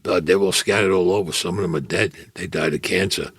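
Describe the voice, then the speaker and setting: Gruff older New man. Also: sits low, steady tone, fairly quick. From Brooklyn, New York. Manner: gruff, blunt street talk, acts out dialogue. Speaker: interviewee, Vietnam veteran. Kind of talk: storytelling interview.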